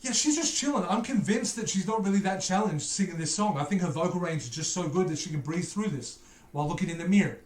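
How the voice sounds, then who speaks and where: High-voiced man with a Liverpool accent. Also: fast, roomy sound, faint music behind. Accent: Liverpool, softened by Australian. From Liverpool, England. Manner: joking, animated, playfully ranting with stammered repeats. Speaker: music reaction host. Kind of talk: casual reaction commentary.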